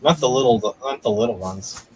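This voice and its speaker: A man's voice: mid-range voice, fairly quick, rough recording. A man telling a rambling story in casual chat, swearing constantly and laughing a lot.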